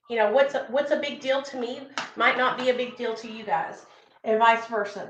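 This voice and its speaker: High-voiced woman giving an earnest pep talk. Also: a bit bright. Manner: earnest, encouraging, repeats herself. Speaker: recovery livestream host. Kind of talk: casual livestream pep talk. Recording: echoey room, dull lo-fi sound.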